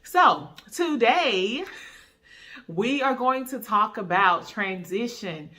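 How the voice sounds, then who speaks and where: A young woman with a North Carolina accent talking casually to the camera in a sit-down vlog, chatty and relaxed, calling her viewers y'all. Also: a little high, slow pace. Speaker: YouTuber, travel x-ray tech.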